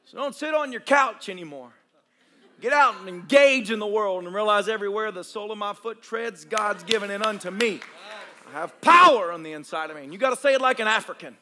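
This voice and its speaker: A male pastor preaching a charismatic sermon at a live church service, shouting and joking with the congregation. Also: high-pitched, a little fast. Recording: live church recording with crowd and noise.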